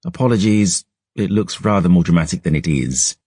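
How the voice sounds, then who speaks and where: A man voicing a haughty, sharp-tongued young noblewoman who speaks crisply and curses freely. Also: deep voice, expressive, normal speed, no room sound, studio quality, exaggerated voice.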